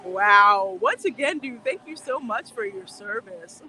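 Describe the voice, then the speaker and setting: Bright-voiced woman livestreaming on a walk. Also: fairly high pitch, very animated, takes it slowly, pauses often. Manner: chatty, laughs often, reads viewer comments aloud. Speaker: livestream host. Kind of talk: casual livestream chat while walking. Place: outdoors in a theme park. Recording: faint outdoor noise behind.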